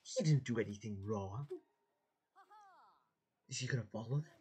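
A YouTube host reacting to animations in an excitable way, gasping often and repeating words when alarmed. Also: medium pitch, moderate pace.

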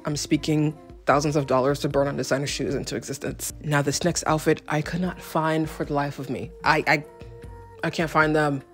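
A woman's voice: low voice, level tone, brisk, soft background music. A young woman talking casually through a fashion vlog, rambling and self-deprecating with jokey asides. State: out of breath. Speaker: fashion vlogger.

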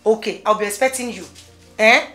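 An actress with a Nigerian accent playing an older mother who coaxes and calms her distraught daughter in a gospel film. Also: on the high side, fairly quick, soft background music. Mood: soothing. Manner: soothing, coaxing, insistent.

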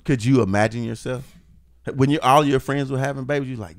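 A man's voice: mid-range voice, brisk, no room sound. A man co-hosting a podcast, chatting casually and teasing his co-host with a laid-back manner. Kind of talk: casual chat.

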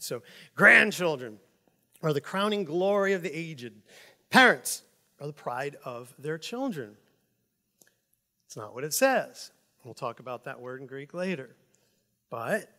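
Pastor, male, lively preaching voice, slightly high, church hall echo. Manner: animated, emphatic, shifts between loud stresses and quiet asides. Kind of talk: sermon. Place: church sanctuary. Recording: long hall reverb.

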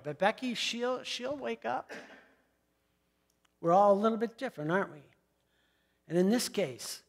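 A middle-aged pastor preaching a sermon, telling the story in a chatty way with asides to the congregation. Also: male voice, high voice, fairly bright tone.

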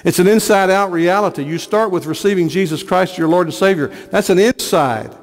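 A man's voice: sits high, brisk, in a large hall. A man preaching a sermon as pastor, earnest, repeating phrases for emphasis. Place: church sanctuary.

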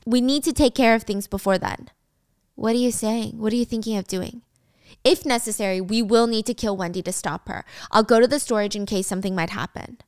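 A woman's voice: a little high, darkish tone, dry recording, clean studio sound, lightly acted. A woman voicing a hostile young man who is plotting and who speaks coldly and demandingly in a retold story. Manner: cold, demanding.

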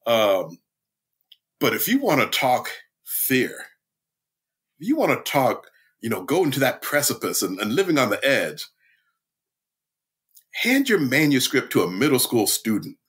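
A man, an author and middle school teacher, telling animated stories as a podcast guest, laughing often and mimicking his students. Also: mid-range voice, a little slow, long pauses, slightly rough. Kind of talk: casual storytelling interview.

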